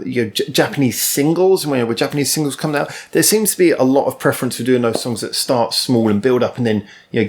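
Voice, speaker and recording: A man hosting his own channel, giving a casual spoken music review in a rambling, chatty way with lots of ums and restarts. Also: mid-range voice.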